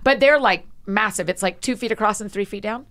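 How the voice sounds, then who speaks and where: A woman guest on a podcast, chatting casually and telling stories with animated energy and quick asides. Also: mid-range voice. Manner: frequent laughs and quick asides. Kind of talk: casual conversation.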